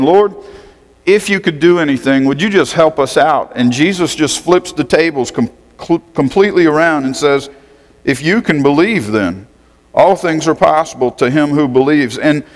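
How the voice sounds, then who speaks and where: A man's voice: medium pitch, in a large hall. A man preaching a sermon as a pastor, reading scripture and talking conversationally, asking the congregation questions.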